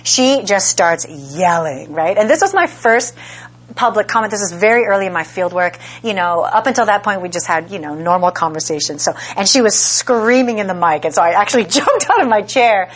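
A woman's voice: mid-range voice, expressive, fairly quick. A woman giving an academic lecture in a conversational way, often checking in with the listeners. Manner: conversational, frequent "right?" check-ins.

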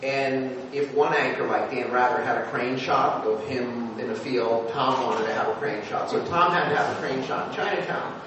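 A man, a former TV news producer, telling anecdotes to an audience, lively and halting with fillers and restarts. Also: medium pitch. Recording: echoey hall, voice from far off with noise.

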